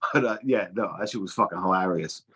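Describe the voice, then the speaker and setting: A man's voice: low voice, fast talker, a bit bright, husky. A young adult man telling casual stories as a guest, swearing freely and stumbling through restarts. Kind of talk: casual storytelling.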